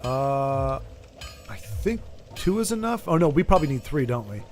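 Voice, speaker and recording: A man's voice: mid-range voice, very animated, moderate pace, soft background music. A man hosting a gaming video, chatting casually while he plays and thinking aloud through long, rambling asides. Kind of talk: casual chat while playing a game.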